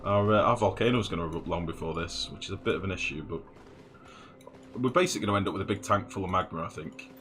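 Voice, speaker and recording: A man's voice: sits low, fast talker, fairly bright tone, a little hiss or hum. A man giving casual gameplay commentary as a let's play host, thinking aloud, muttering numbers to himself and swearing now and then. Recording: game music playing underneath.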